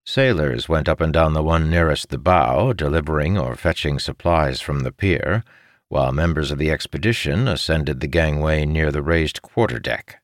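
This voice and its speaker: A man narrating a fantasy audiobook in an expressive storytelling manner. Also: extremely low pitch, moderate pace, dry recording, clean studio sound.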